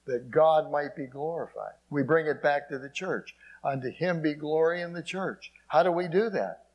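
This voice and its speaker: Man preaching, kinda husky voice, keeps saying amen between verses. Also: fairly high pitch, normal speed, muffled recording. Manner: preaching with frequent "amen" asides and scripture quotes. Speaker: pastor. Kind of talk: sermon.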